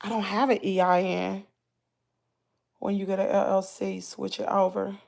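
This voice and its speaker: A woman's voice: mid-range voice, level tone, moderate pace, creaky, darkish tone. A woman vlogger with a Southern US accent, chatting casually to her viewers with lots of exclamations and asides.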